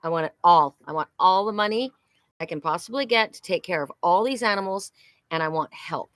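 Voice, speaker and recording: A woman's voice: lowish voice, a little fast, a bit bright, dry recording. A middle-aged woman hosting a psychic live stream, talking candidly and emotionally, often repeating herself and swearing.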